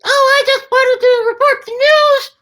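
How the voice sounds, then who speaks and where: A woman playing an excitable small frog sidekick in an improv comedy news sketch. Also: a little slow, full character voice. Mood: excited. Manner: shrill, excitable.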